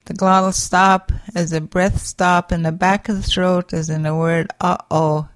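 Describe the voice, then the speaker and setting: A woman teaching a language's sounds, slowly saying each letter, its sound and an example word. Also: fairly low pitch, little pitch movement, no room sound. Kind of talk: slow pronunciation lesson.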